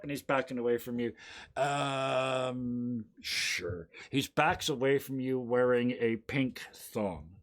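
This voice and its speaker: A man's voice: mid-range voice, slow, a bit bright. A man narrating as game master of a tabletop role-playing game, laughing often and acting out the scenes.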